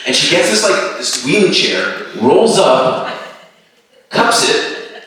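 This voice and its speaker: A man in his thirties performs stand-up with a bright, forceful voice, jumping between narration and quoted characters. He sounds set back from the mic, and the room rings heavily around him. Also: on the high side, slow, a little hiss or hum. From Canada. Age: 30s. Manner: animated storytelling with quoted voices. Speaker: stand-up comedian. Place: comedy venue with live audience. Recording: roomy distant stage sound.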